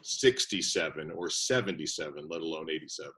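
A man who works as a radio play-by-play announcer, telling lively anecdotes in a casual interview and voicing the people he quotes. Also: a bass voice, a little fast, poor audio.

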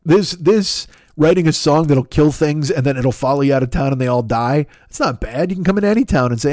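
A man's voice: high-pitched, lively intonation, moderate pace, dry recording, clean studio sound. A man on a comedy podcast, riffing in a rambling, profane monologue, laughing at his own jokes and acting out voices.

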